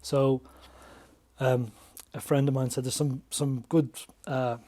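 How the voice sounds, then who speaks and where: A man's voice: medium pitch, slow pace. A man chatting in a podcast interview, telling stories and acting out quoted dialogue. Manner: animated storyteller, acts out quoted dialogue. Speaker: podcast guest, business coach. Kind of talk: casual interview chat.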